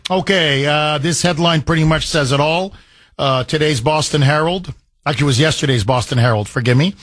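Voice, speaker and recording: A man's voice: a little high, brisk, a bit bright, no room sound. A male radio talk show host, arguing his point with passion and acting out imagined conversations on a call-in show. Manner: impassioned, argumentative, acts out imagined dialogues.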